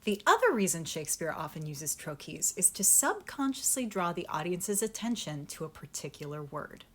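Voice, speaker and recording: A young woman acting coach explains verse rhythm directly to the listener. Her pitch swings widely as she talks, and she punches out stressed syllables with emphatic energy. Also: moderate pace. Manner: lively, emphatic, sounds out stress patterns. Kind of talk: explaining Shakespeare verse to camera.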